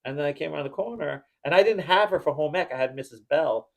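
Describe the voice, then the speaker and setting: A man's voice: on the high side, lively intonation, fast, gravelly. A man on a podcast telling a long, rambling story from his school days, acting out the people in it and laughing at his own jokes. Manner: rambling anecdotes, acts out quoted voices, bursts of laughter. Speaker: podcast host. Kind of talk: casual storytelling chat.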